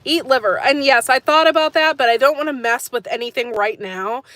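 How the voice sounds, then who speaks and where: A woman's voice: high voice, brisk, a bit bright, no echo. Woman host of a gardening channel, casual live-chat delivery, talkative and rambling, dry recording. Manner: chatty and rambling, laughs often. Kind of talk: casual live-stream chat answering comments.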